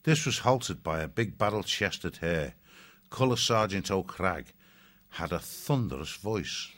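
A man narrating an audiobook in a steady, descriptive way. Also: low-pitched, measured pace.

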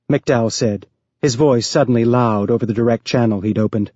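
A man reading an audiobook aloud as narrator, raising his pitch to voice characters. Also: moderate pace, a little mellow, slightly rough, dry recording, muffled recording.

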